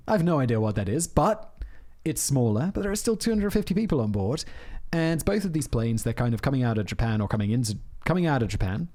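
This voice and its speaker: A man chats loosely on a podcast, spinning a story in a rambling way. His pitch swings widely as he talks, and he laughs often as he goes. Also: mellow. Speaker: podcast host. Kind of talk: casual chat.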